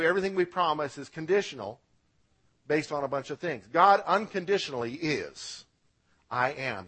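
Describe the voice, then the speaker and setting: A man preaching a sermon as pastor, swinging between loud emphatic lines and quiet low drops, asking the congregation to repeat words after him. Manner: emphatic preaching, rising and dropping for effect.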